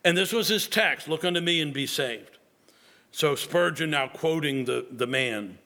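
A male pastor preaching with a fervent, emphatic delivery. His voice is sharp and forceful, sitting a little higher than most men's. He often doubles words as he drives a point home. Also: animated, measured pace. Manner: emphatic, repeats words when building a point. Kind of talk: sermon.

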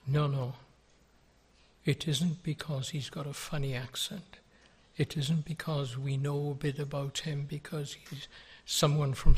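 Slow, husky older preacher. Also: male voice, on the high side. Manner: earnest, pleading, with rhetorical questions. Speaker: pastor. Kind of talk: sermon.

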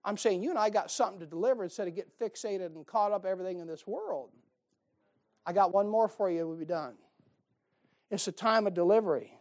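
A man's voice: high-pitched, a little fast, a little mellow. Folksy preacher man firing rhetorical questions. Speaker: pastor. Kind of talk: sermon.

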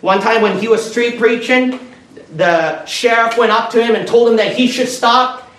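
A man preaching a sermon and telling stories in an animated way. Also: very high-pitched, normal speed. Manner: animated, storytelling with energy. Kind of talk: sermon storytelling. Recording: echoey room from far off with faint noise.

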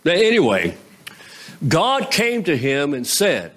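A man preaching a sermon in a conversational style, posing rhetorical questions to the congregation, his pitch swinging between raised and low. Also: huge pitch swings, slow pace, fairly bright tone. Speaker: pastor.

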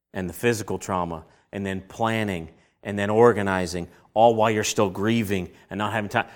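A man preaching a sermon, asking rhetorical questions and answering them himself, and breaking into animated acted-out voices. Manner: acts out quoted voices with big jumps in pitch and loudness.

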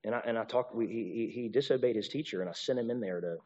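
At a quick pace and in a medium-pitched, slightly mellow voice, a man preaches as a pastor or teacher. His animated sermon is full of restarts and repeated words, with apologies acted out in shifting voices. The recording is dull and has long reverb.

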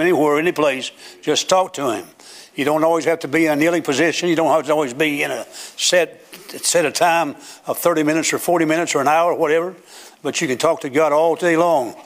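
An older man preaching a sermon in a church, building to emphatic, declaiming runs. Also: fairly high pitch. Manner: emphatic, rising to loud preaching cadence. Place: church sanctuary with platform.

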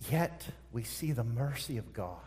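A man's voice: mid-range voice, animated, a little slow, a little mellow. A man preaching a sermon, emphatic and repeating phrases for stress. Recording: long hall reverb.

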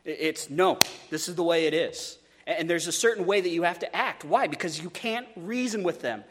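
A man's voice: fairly high pitch, a little fast, big-room sound, background noise. A man preaching a sermon as a pastor, conversational, with stumbling repeats and joking asides.

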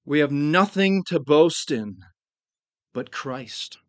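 Earnest pastor with a fairly high voice. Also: male voice, expressive, dry recording. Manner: earnest, slows down to stress key phrases. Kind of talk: sermon.

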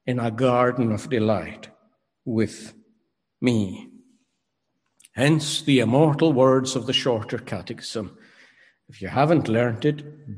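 A man preaching a sermon, emphatic and rhetorical, pausing dramatically and questioning his listeners. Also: medium pitch, a little mellow. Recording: long hall reverb.

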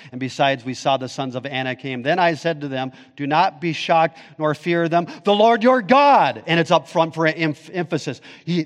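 A man delivering a sermon from the pulpit with a fairly high-pitched voice. He moves between emphatic, rising questions and quiet, low stresses on his main points. His voice carries a long reverb from a large church hall. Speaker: pastor.

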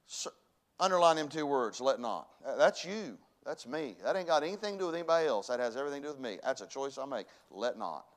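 A man preaching a sermon to his church, folksy and conversational, dropping to hushed lines and rising to loud bursts. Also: mid-range voice, animated, quick pace. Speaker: pastor. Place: church sanctuary.

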